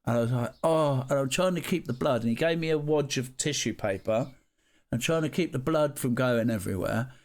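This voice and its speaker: A young man telling a vivid, animated personal story in a casual way, with some swearing. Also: medium pitch, brisk. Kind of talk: casual anecdote.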